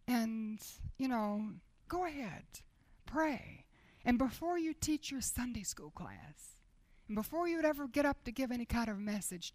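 A woman preaching a sermon, moving between soft, intimate asides and loud, declaiming proclamation. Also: on the high side, no room sound.

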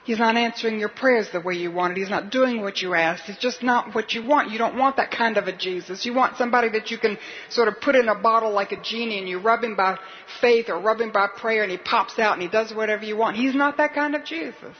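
A woman's voice: fairly high pitch, brisk, few pauses, muffled recording, slight background noise. A woman preacher delivering a sermon in an earnest, questioning, urgent manner.

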